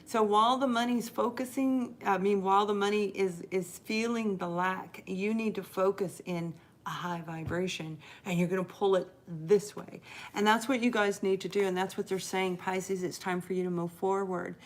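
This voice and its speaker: A woman's voice: medium pitch, fairly even intonation, moderate pace. A middle-aged woman giving a live tarot reading as host, talking earnestly and encouragingly straight to her viewers and stretching out the words she stresses.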